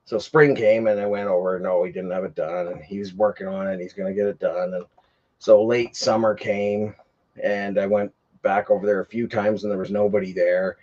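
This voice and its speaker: A man with a low, husky voice chats casually on his own stream. He rambles, stops to restart himself and leans on fillers. The sound is a bit dull and lo-fi. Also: little pitch movement, moderate pace, a little mellow. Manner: rambling, many fillers, gets heated retelling. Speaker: livestream host. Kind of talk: casual storytelling chat.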